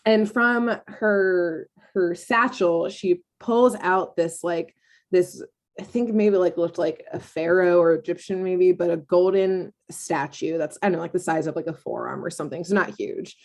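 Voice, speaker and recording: A woman's voice: lowish voice, measured pace, darkish tone. A woman co-hosting a podcast, recapping a cartoon episode in a loose, rambling way, full of fillers and laughter. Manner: rambling, filler-heavy storytelling with frequent laughs. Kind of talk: casual chat.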